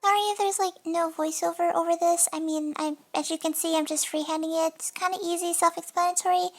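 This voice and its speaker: A woman's voice: very high voice, little pitch movement, brisk, soft background music. A young woman in a casual, chatty voice-over, narrating her nail art at home and often apologizing between fillers. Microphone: desk mic.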